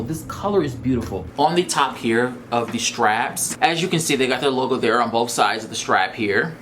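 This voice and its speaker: A man gushes through an unboxing vlog, his voice leaping up and down with every exclamation. He repeats himself in excitement, and a faint hiss sits under his voice. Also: medium pitch, normal speed, hardly any pauses. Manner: gushing, exclamatory, repeats phrases. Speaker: vlogger reviewing a bag.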